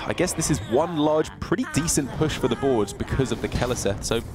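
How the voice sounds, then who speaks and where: A man commentating a live game, working through the plays aloud and breaking into excitement at the big moments. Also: mid-range voice, brisk, music in the background. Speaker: esports commentator.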